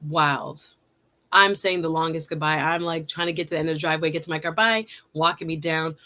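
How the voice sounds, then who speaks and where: A woman, hosting a live stream and telling a story in a casual, animated way. She laughs often and acts out her own lines. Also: low-pitched, moderate pace, long pauses. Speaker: host.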